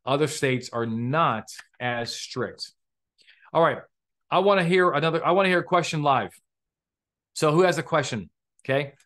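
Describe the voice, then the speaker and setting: A man's voice: fairly high pitch, normal speed, pauses often, fairly bright tone. A man hosting a live online legal training for police officers, lecturing casually and quizzing his audience with questions.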